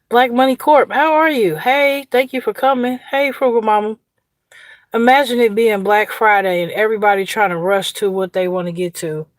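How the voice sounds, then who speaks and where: Hosting a livestream outdoors, a woman with an Indiana accent from the US Midwest casually shares a story, chatting, laughing and welcoming viewers by name. Her pitch is medium and the recording dry.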